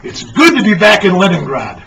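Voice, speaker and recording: A man doing a bewildered shouting Soviet cosmonaut. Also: high voice, very animated, normal speed, creaky, heavily acted. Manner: incredulous, shouting alarm. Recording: distant dull lo-fi mic with faint noise.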